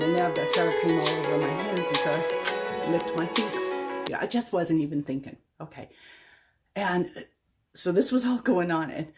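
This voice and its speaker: A middle-aged woman vlogging, telling a personal story in a chatty, rambling, self-deprecating way. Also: lowish voice. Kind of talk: casual storytelling monologue.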